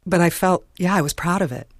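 A woman's voice: on the low side, no echo. A woman guest in an interview, talking casually with frequent "like" and easy laughter. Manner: casual, lots of "like", laughs easily. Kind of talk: conversational interview.

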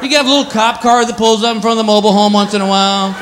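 A man doing stand-up comedy, animated and slipping into quick voices for his bits. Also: sits high. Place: live comedy venue with laughing audience. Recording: live stage recording with crowd noise.

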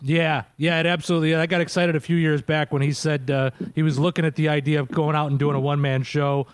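A man's voice: a little high, level tone, fast, clean tone, no echo. A man hosting a radio interview in a casual, chatty way. He laughs often and restarts his sentences. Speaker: radio show host.

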